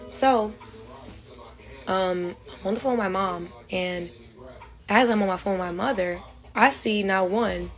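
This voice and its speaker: A woman's voice: medium pitch, rough recording. Young woman telling a storytime vlog. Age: young adult. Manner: detailed, measured recounting with quoted dialogue. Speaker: vlogger. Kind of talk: storytime monologue.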